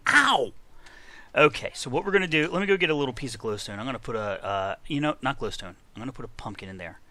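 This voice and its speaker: A man's voice: medium pitch, animated, very fast, pushed and bright. A man giving casual, chatty commentary while playing a game, talking to himself with frequent exclamations. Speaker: gaming video creator.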